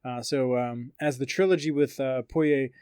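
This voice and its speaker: A man's voice: mid-range voice, fairly even intonation, moderate pace, darkish tone, clear, resonant tone, dry recording, clean studio sound. A man co-hosting a casual podcast, rambling through fight news with lots of fillers and reading quotes aloud. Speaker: podcast co-host.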